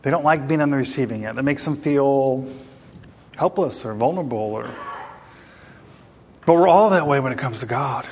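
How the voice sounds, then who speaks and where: A man's voice: mid-range voice, moderate pace, pauses often, a little hiss or hum. A man preaching a sermon to a congregation, emphatic and full of rhetorical questions. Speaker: pastor. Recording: long hall reverb.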